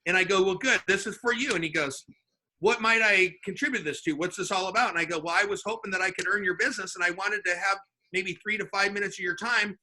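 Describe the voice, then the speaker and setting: A man, a sales manager and podcast guest, telling an animated story and acting out the dialogue with voices. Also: high voice, fast talker. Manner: acts out the dialogue in his stories with voices. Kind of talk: animated storytelling in casual chat.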